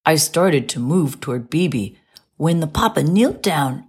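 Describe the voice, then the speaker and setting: A woman narrates a children's storybook from a dog's point of view at a measured pace. Her voice is gentle and expressive with a breathy edge, rising high whenever she sounds surprised.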